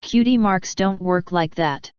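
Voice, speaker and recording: A woman voicing a female pony who is a wife close to tears, defensive and hurt, in a very smooth, dry, lo-fi reading. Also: on the low side, unhurried, a little mellow, no echo, natural voice. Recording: dull lo-fi.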